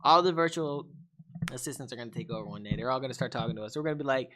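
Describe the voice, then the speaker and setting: A young man hosting a casual tech podcast, animated and laughing, acting out voices of gadgets. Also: mid-range voice, racing. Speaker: podcast host.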